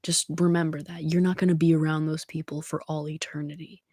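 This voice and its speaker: Woman ASMR streamer, soft-spoken to whispered, mellow and breathy, lower pitch, encouraging. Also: flat delivery, brisk, dry recording. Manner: gently encouraging. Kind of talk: soft-spoken livestream chat.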